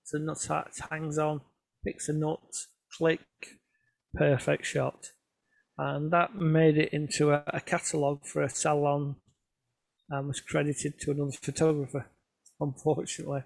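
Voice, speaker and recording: Give me a chatty man on a video call, slightly high voice. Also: little pitch movement, normal speed, gravelly, no room sound. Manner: chatty, self-mocking storyteller. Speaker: photographer giving a club talk. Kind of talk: casual anecdotal presentation.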